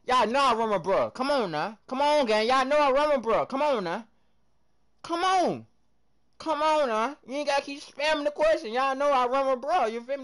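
Hyped young Southern streamer, high voice. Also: male voice, expressive, moderate pace. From American South. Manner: hyped slangy chatter, swings loud and soft. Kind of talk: live game stream chat.

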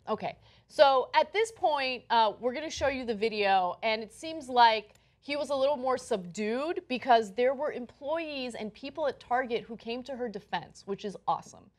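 A woman's voice: a little high, animated, normal speed. Wry woman hosting news commentary. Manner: wry, reads quotes aloud. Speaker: news show host.

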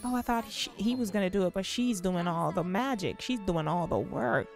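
A young woman giving excited, gushing commentary while playing a life-sim video game. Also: medium pitch, moderate pace, creaky, soft background music. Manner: excitable, gushing, squeals with delight. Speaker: gaming video host. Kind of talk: casual gameplay commentary.

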